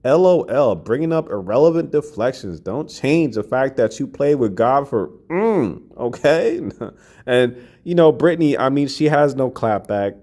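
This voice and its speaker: A man's voice: mid-range voice, animated, measured pace, warm tone. A man doing celebrity gossip commentary, mocking the woman he's roasting and tagging lines with "all right?" and "sweetheart.". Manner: mocking, talks straight to the person he's roasting. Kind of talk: reacting to and reading social media posts.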